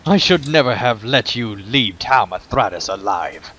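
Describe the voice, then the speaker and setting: A man's voice: on the low side, lively intonation, a little slow, bright, forceful tone. A man voicing an arrogant, cruel male warlord villain, reading game dialogue aloud with boastful menace. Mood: menacing.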